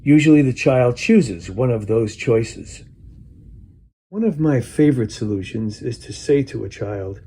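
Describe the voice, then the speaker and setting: A man presenting a training talk on handling difficult behavior in young children, speaking in a lively way. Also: mid-range voice, a little slow, slightly rough. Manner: lively, acts out children's voices in quotes. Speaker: parenting and teaching workshop speaker.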